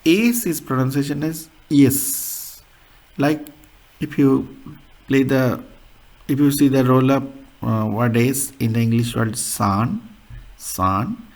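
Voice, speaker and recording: Male teacher, slow and halting delivery, gravelly edge; repeats words as he explains sounds. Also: mid-range voice, steady tone, a little mellow. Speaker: language teacher. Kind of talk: beginner language lesson.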